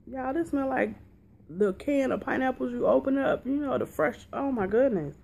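A woman vlogger chatting casually through a snack taste test, talking excitedly and calling her viewers y'all. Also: high-pitched, moderate pace, vocal fry.

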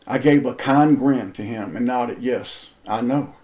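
A man telling a personal story as an impassioned monologue, intense and confrontational, swearing freely and swinging between raised and lowered speech. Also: a little slow, a little mellow, low-quality recording.

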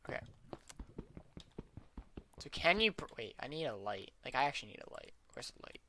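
A man's voice: mid-range voice, big pitch swings, moderate pace, background noise. A man doing let's play gameplay commentary, muttering to himself as he plays and letting out sudden yelps. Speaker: gaming channel host. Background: background music.

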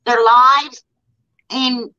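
A woman's voice: on the high side, fairly even intonation, extremely slow, sharp tone, muffled recording. A woman talking heartfelt and tearful in a casual chat. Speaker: guest YouTuber.

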